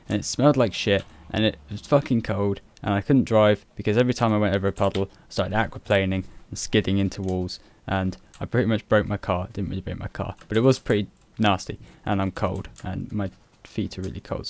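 A man's voice: lowish voice, darkish tone. A young man hosting his own game video, chatty, self-mocking and sweary as he narrates what he does. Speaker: gaming video host. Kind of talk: casual game commentary.

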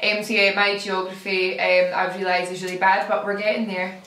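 A woman's voice: medium pitch, level tone, a little fast, a bit bright. A young adult woman with a Scottish accent, a YouTube host chatting casually and giggling easily. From Scotland. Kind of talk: casual chat. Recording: echoey room, off-mic.

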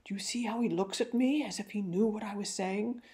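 A woman's voice: medium pitch, a little fast, warm tone, voice pushed up, natural voice. A woman reading the lines of a middle-aged male locksmith, exclaiming in a wondering, half-uneasy way.

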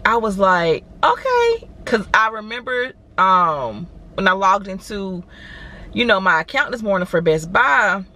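A woman's voice: mid-range voice, animated, a little slow, pushed and bright. A woman, vlogging and chatting animatedly to viewers from her car. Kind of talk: casual chat to camera.

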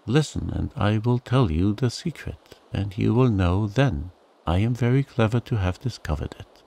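A man's voice: fairly low pitch, lively intonation, normal speed, gravelly, warm tone. A man voicing a boastful, greedy male goblin in a bedtime storybook, wheedling and insistent. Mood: pleading, boastful.

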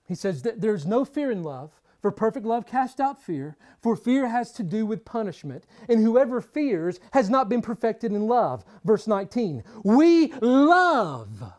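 A woman preaching a sermon, stressing points by repeating them and swinging between hushed and forceful delivery. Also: mid-range voice. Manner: emphatic, repeats key phrases for stress.

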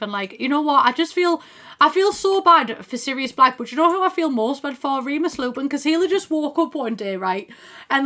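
This chatty young live streamer has a high, sharp-toned voice. Chatting casually over her game, she thinks out loud, thanks viewers by name, swears now and then and laughs a lot.

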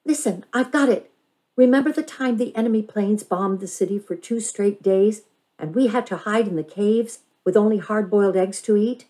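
A woman's voice: medium pitch, measured pace, close to an everyday voice, low-quality recording. A woman voicing an impatient, curious young girl who pleads and talks eagerly in a storybook reading. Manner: eager, pleading, rising excitement.

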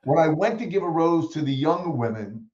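A man telling stories as a guest in an interview, acting out the people he quotes with lively energy. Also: fairly high pitch, normal speed, echoey room, muffled recording. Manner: animated storyteller who acts out quoted voices. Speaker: guest speaker. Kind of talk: storytelling in a podcast interview.

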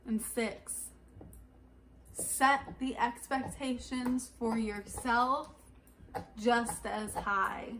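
A woman's voice: fairly high pitch, fairly even intonation, drawn-out words, pauses often, fairly bright tone, slight background noise. A woman giving casual, rambling advice to new authors, with fillers and restarts along the way. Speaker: writing vlogger giving advice. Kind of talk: casual advice talk to camera.

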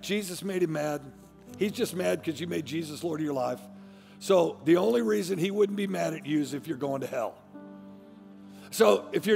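A middle-aged man, a pastor, preaching a fiery sermon that swings from hushed tones to shouting. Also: fairly high pitch, expressive, moderate pace, vocal fry. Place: large church sanctuary. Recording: long church-hall reverb, faint music.

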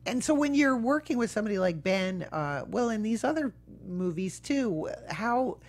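Female interviewer, mid-pitched with a gravelly edge, conversational questioning. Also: lively intonation, normal speed, a little mellow. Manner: conversational, asks questions with fillers and restarts. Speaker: interviewer and show host. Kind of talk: casual interview chat.

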